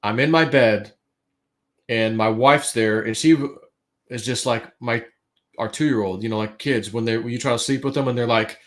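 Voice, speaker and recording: A man's voice: mid-range voice, normal speed. Guy rambling thru a dream story, lots of likes and restarts. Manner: rambling, many fillers and restarts. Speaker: guest. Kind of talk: casual storytelling.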